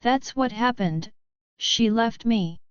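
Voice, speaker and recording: A woman's voice: on the high side, takes it slowly, clear, resonant tone, no room sound. A woman reading a weeping, heartbroken young man. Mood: grieving. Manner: broken, tearful pleading. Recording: slightly dull, dry recording.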